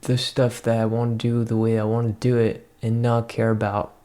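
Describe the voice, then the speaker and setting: Flat-voiced young man ranting. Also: medium pitch, moderate pace. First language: not English. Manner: profane, ranting, introspective. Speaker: vlogger. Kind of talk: rambling personal monologue.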